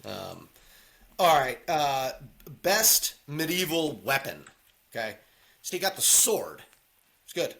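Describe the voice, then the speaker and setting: A man co-hosting a casual podcast, chatting about movies and sports with a laughing, animated manner. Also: mid-range voice, slow, gravelly, pauses often. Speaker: podcast co-host.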